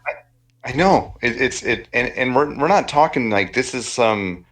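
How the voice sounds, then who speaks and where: A man's voice: medium pitch, lively intonation, a little slow, fairly bright tone. A man hosting a podcast in a casual interview chat, asking curious, probing questions. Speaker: podcast host.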